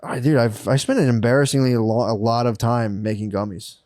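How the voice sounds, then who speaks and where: A man's voice: mid-range voice, steady tone, a little fast, mellow, no room sound, clean studio sound. Rambling man telling stories, says dude a lot. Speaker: podcast co-host. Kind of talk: casual comedic chat.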